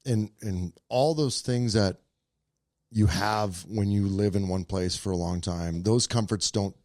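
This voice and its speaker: A man in his thirties from Minnesota, a podcast guest and former hockey player, telling stories in a relaxed, reflective way. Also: on the low side, measured pace, no echo, clean studio sound. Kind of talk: casual chat.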